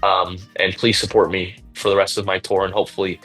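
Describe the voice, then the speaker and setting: A man with a fairly low voice answers interview questions as a pro wrestler, worn out from a day of training. He rambles, laughs between thoughts and speaks with open feeling. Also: level tone, brisk, sharp tone, faint music behind, rough recording. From Puerto Rico and United States. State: tired after training.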